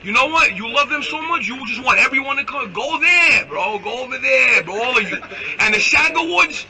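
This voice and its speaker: Over a loud crowd and poor audio, a male political commentator in a clip delivers a brash, insulting rant. His voice is extremely high-pitched and moderately paced, and his ranting political monologue is loud and animated.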